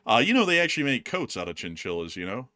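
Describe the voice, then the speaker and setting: A man chatting casually on a livestream with a bright, forward voice. His pitch moves around a lot, and he keeps breaking into laughter as he jokes with his co-host. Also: big pitch swings, fast talker. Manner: laughs often, jokey.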